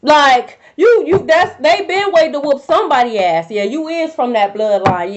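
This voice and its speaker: A woman's voice: sits high, lively intonation, normal speed, a little hiss or hum. A young woman giving a casual tarot reading to her viewers, blunt and profane, full of slang. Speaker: tarot reader. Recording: dull lo-fi recording.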